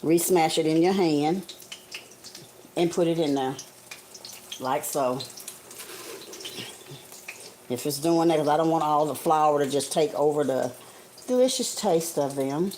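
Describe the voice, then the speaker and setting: Woman host of a home cooking livestream, lowish voice, chatty and homey, faint sizzle of frying behind. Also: unhurried, pauses often, a little mellow, slight background noise, poor audio. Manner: chatty and homey, calls viewers honey and guys. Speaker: home cook streaming live. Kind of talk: casual live cooking demonstration. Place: home kitchen, frying on the stove.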